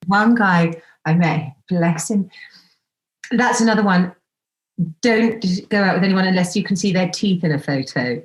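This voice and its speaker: A woman telling dating stories as a podcast guest, animated and theatrical, acting out the dialogue. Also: lowish voice, unhurried. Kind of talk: anecdotal storytelling. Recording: roomy echo.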